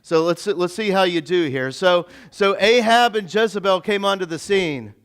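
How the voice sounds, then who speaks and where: A male pastor giving a casual, interactive sermon in a church, chatty and stumbling over his words, acting out the characters' lines in quick asides. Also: sits high, a bit bright, clean tone. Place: church sanctuary.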